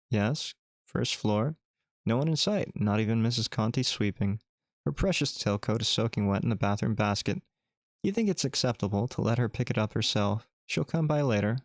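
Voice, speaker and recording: Male streamer narrating a text adventure with playful asides; gravelly, dry. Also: fairly low pitch, animated, normal speed, dry recording. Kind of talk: reading a text adventure game aloud.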